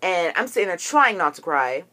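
Young woman venting on her vlog, kinda low voice, swearing a lot, heated. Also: big pitch swings, moderate pace, sharp tone. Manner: agitated, profane, storytelling. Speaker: vlogger. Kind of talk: ranting to camera.

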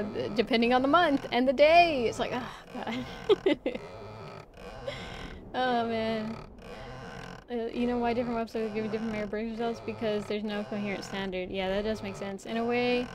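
A young woman with a somewhat high voice rambles through a live game stream, reading chat comments aloud and laughing between thoughts. A steady hiss of background noise sits under her voice. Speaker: VTuber streamer. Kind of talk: casual live-stream chat while gaming.

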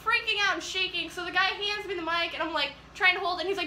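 A teenage girl excitedly retelling a story in a vlog, acting out the dialogue as she goes. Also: extremely high pitch, fast, slight background noise. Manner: bubbly, animated retelling with quoted dialogue. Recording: echoey room with faint music.

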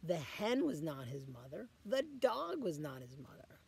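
A man reading a picture book aloud to children as a guest reader, pausing often to ask the children questions. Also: fairly high pitch, sing-song, gravelly, a little mellow, husky.

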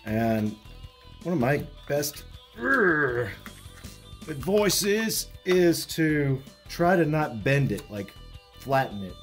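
A man hosting a hands-on repair walkthrough, explaining each step in a relaxed way with frequent fillers and restarts. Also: fairly high pitch, slow pace, faint music behind. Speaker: retro electronics repair host.

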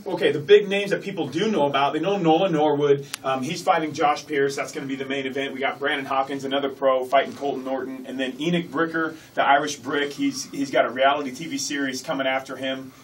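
A man who promotes fight events, talking excitedly in a casual radio studio interview. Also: medium pitch, far from the mic, slight background noise, low-quality recording. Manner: excited, fast-talking, jokey. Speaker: MMA fight promoter, guest.

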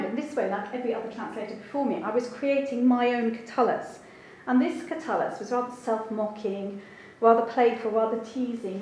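A woman translator giving an academic seminar talk, thoughtful and hedging with frequent ums. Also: on the high side. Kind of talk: academic lecture. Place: lecture room. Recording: very echoey room with faint background hiss.

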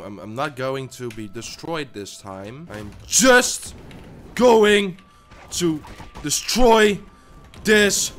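Gamer guy doing live commentary, bright edgy voice, yells then mumbles, faint game music under it. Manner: excitable, swings from loud outbursts to low muttering; swears, stammers and repeats himself. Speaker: gaming YouTuber.

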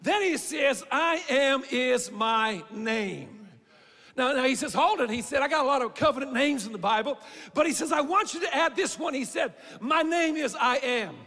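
A male pastor preaching a fervent sermon, shouting out lines and then dropping low. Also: animated, moderate pace, gravelly, in a large hall. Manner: fervent preaching, swings between shouting and quiet. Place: church sanctuary.

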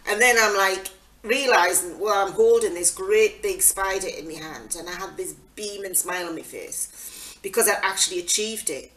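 A woman's voice: mid-range voice, moderate pace, a bit bright, low-quality recording. A middle-aged woman telling a story in a casual, rambling way, full of restarts and fillers. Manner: acts out her own past reactions. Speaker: craft channel host.

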